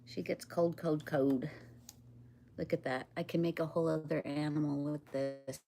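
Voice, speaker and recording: Low-voiced woman chatting on a live stream. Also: steady tone, normal speed, creaky, warm tone, slight background noise. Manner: rambling, laughs often, talks to her pets and chat. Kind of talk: casual live-stream chat.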